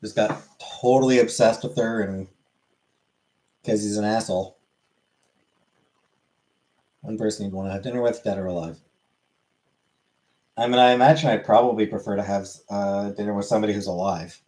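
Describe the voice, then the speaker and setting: Man, lowish voice, live streamer, casual chat, blunt and profane. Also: steady tone, normal speed, pauses often, a little mellow, poor audio. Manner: answers chat questions, swears freely.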